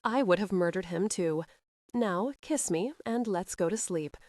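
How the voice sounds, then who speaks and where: A woman's voice: mid-range voice, unhurried, darkish tone, no echo, clean studio sound, natural voice. A woman reading a rakish lord, cool and light, controlled, storybook romance. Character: dominant, wicked-tempered male viscount.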